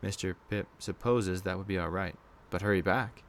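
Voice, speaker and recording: A man voicing a gleeful, cruel male clown in a horror story reading, speaking in a sickly sweet sing-song that sometimes rises higher than his usual voice. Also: normal speed, a little hiss or hum, close to an everyday voice. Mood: menacing.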